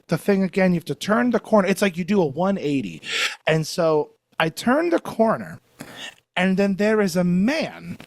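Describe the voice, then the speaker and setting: Animated high-voiced man telling a story. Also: dry recording. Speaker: podcast guest. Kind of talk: casual chat, animated storytelling. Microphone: video call.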